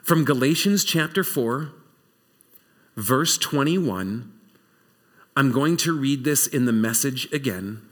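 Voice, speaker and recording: Animated male preacher telling a story. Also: medium pitch, slow pace, pauses often. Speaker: pastor. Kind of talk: sermon.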